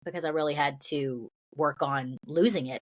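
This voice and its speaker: Southern-raised actress guest, low voice, earnest and reflective. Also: female voice, normal speed. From American South. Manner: earnest, reflective, many "you know" fillers. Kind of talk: casual interview chat.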